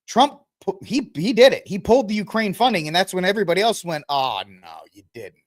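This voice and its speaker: A male podcast host riffs through the news in a loose, rambling way, full of ums and self-corrections. His voice sits fairly high for a man. The sound is dry and close. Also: animated, quick pace, dry recording. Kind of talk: casual news commentary livestream.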